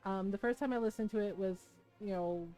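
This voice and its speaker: A woman streamer chatting casually with her live viewers, animated and swearing often, with frequent laughter. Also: mid-range voice, fairly quick, soft background music.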